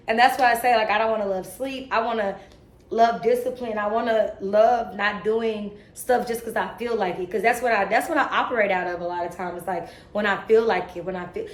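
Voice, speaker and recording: A woman's voice: a little high, echoey room. A young woman talking to camera in an emotional vlog about faith, earnest and a little tearful, with casual slang. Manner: earnest, self-motivating, preachy, casual slang. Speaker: vlogger.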